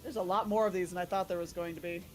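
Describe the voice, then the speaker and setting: A woman's voice: on the low side, fairly even intonation, rapid-fire, darkish tone, faint music behind. An American woman chatting and joking casually while playing a game on stream. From United States. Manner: chatty, jokey. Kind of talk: casual gaming chat.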